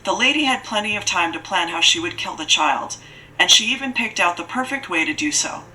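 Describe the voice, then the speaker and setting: A woman narrating a horror audiobook with a steady storytelling delivery. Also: lowish voice, fairly quick, low-quality recording.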